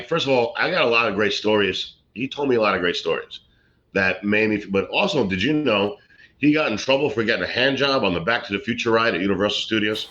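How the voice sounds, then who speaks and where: A middle-aged man, a comedian telling rambling stories and deadpan jokes in a casual interview. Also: lowish voice. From Brooklyn, New York. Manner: rambling, joking, deadpan punchlines. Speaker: guest, comedian and actor. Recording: slightly muffled lo-fi recording.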